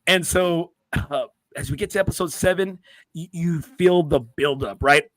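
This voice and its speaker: Excitable man chatting on a golf podcast. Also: a little high, moderate pace, dry recording, studio quality. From South Texas. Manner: excitable, profane, many restarts. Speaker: podcast host. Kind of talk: casual podcast chat.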